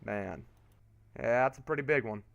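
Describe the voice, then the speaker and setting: A young man streaming a racing game, giving casual play-by-play commentary that turns excitable on restarts. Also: medium pitch, normal speed, gravelly, dull audio. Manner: excitable, rises to shouting on restarts.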